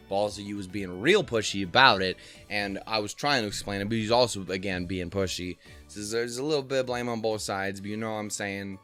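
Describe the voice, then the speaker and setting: A man's voice: on the low side, fairly quick, hardly any pauses, pushed and bright, soft background music. A man hosting a let's play, rambling, joking and swearing casually as he comments on the game.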